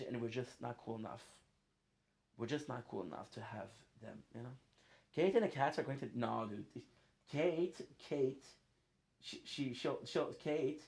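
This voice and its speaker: A man's voice: mid-range voice, a little mellow. A man streaming a game, chatting casually in a playful, rambling way. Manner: playful, rambling, laughs often. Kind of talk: casual chat while gaming.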